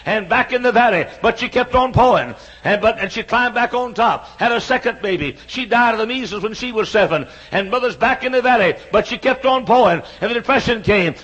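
Man, 60s, preacher, high voice, husky, repetitive rhythmic sermon, dull lo-fi recording. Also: fairly quick, hardly any pauses. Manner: rhythmic repetition, rising to shouts. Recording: dull lo-fi sound.

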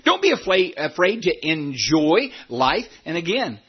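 A male pastor preaching a sermon, breaking into shouts and then dropping low. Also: very animated, measured pace, husky, dull audio. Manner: preaching with sudden shouts and wide swings in pitch.

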